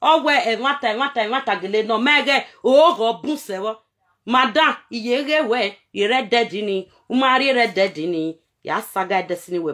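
A woman's voice: a little high, normal speed, a bit bright. A Nigerian woman vlogging straight to camera in a repetitive, scolding rant, switching between Pidgin and local-language phrases.

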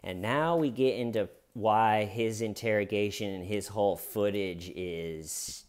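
A man giving comedic true crime commentary, retelling an interrogation in an animated way and acting out each quote. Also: fairly low pitch, measured pace, clear, resonant tone. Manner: animated, acts out every quote.

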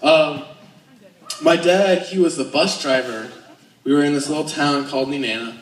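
A man's voice: on the high side, normal speed. A young man from Alaska doing his first stand-up set, nervous and self-deprecating, telling crude jokes. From Alaska, United States. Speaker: stand-up comedian. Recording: echoey room, voice far off.

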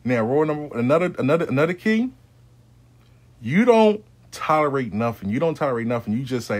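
A man talks through advice for his clients in a loose, rambling monologue. He swears freely and uses street slang, and his voice sits at a middle pitch. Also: animated, brisk. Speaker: spiritual adviser to clients.

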